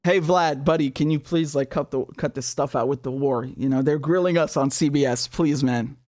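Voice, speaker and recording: A man putting on a low, mumbled voice for a male head of state who sheepishly pleads on the phone. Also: normal speed, a little mellow, lightly acted. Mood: pleading.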